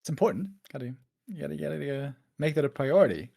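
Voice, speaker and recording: An esports caster calls a deciding tournament map with playful energy. The voice sits mid-pitch and leaps up and down expressively. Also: quick pace, vocal fry. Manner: animated, playful. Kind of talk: live game commentary.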